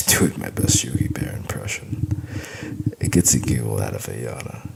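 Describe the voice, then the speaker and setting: Very deep gravelly male audiobook narrator. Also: a little slow. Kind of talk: first-person audiobook narration.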